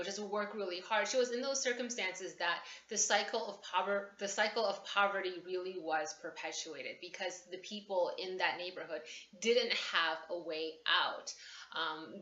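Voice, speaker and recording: A woman's voice: medium pitch, pushed and bright. A woman giving a casual teaching talk, chatty and digressive, with frequent asides and self-corrections. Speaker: course instructor. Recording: roomy, slightly dull recording with faint background hiss.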